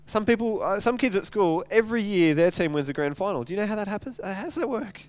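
High-voiced pastor preaching. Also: male voice, fast talker, dry recording. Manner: animated storytelling, retelling scripture in casual speech; frequent stumbles and repeated words. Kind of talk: sermon.

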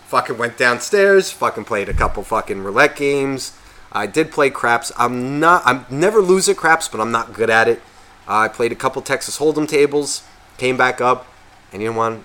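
A man co-hosting a podcast, telling a story in a casual, profane, animated way and acting out quotes. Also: medium pitch, normal speed. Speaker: podcast co-host.

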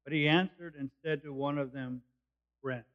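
A man's voice: on the high side, fairly even intonation, moderate pace. A man preaching a sermon, explaining a passage verse by verse in plain, conversational words. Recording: dull lo-fi recording.

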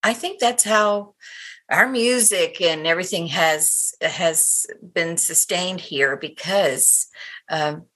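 A woman's voice: fairly low pitch, takes it slowly. An older woman from Cape Breton, Canada, a guest in an interview, telling stories animatedly and acting out what people said. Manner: animated storyteller, acts out quotes. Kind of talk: conversational interview.

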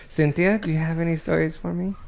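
A man with a slightly higher-pitched voice hosts a loose podcast chat. He teases his guests and keeps pushing for their stories, swearing casually as he goes. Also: steady tone, fairly quick, vocal fry, a little mellow. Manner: playful, prodding, swears freely. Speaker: podcast host.

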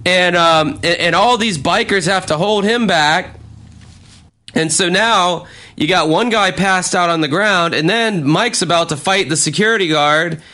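Guy telling a rowdy bar story, bright voice, kinda high, acts out all the yelling. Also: unhurried. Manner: animated, acts out quotes with profanity. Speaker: storyteller on a chat podcast.

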